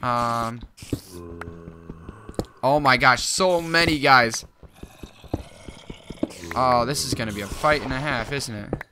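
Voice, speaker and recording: A young man giving casual gameplay commentary, excitable and jumpy, talking to himself as he plays. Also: medium pitch, takes it slowly, pauses often, background noise. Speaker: gaming YouTuber.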